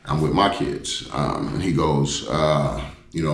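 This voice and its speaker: A man's voice: very deep voice, a little slow, hardly any pauses, echoey room. A man who vlogs about travel, telling a story bluntly and conversationally. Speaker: travel vlogger. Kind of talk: casual storytelling to camera.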